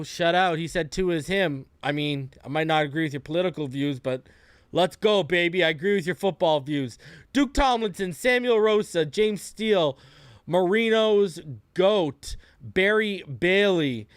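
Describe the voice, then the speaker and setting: A man hosts a live fan podcast, chatting easily and tossing out greetings to his viewers. His voice sits a little high and comes through smooth and clean. The close mic gives a dry sound. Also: no echo. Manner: laid-back, greets viewers by name, slangy. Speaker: podcast host. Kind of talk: casual live-stream chat. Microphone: close desk mic.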